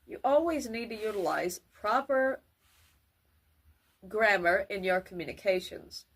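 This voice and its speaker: A woman giving a grammar lesson for children, with careful, formal wording and deliberate delivery. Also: mid-range voice, animated, fairly bright tone. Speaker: teacher.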